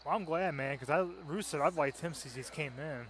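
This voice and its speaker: A man co-hosting a wrestling video game stream, chatting in a relaxed, rambling way with chuckles. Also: a little high, brisk, crowd noise. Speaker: co-host. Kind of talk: casual game commentary.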